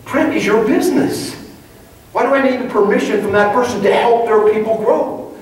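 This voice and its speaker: A man's voice: high voice, normal speed. A man leading a live leadership training talk to an audience, emphatic and conversational, acting out little dialogues. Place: large meeting room before an audience. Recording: very echoey room, distant mic, faint ambience.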